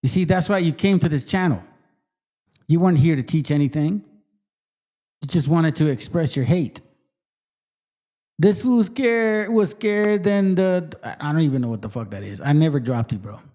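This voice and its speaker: A man's voice: on the high side, brisk, mellow. A man hosting his own channel, ranting heatedly to viewers, swearing often and dropping into Spanish slang. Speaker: channel host. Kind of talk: profane casual rant to viewers.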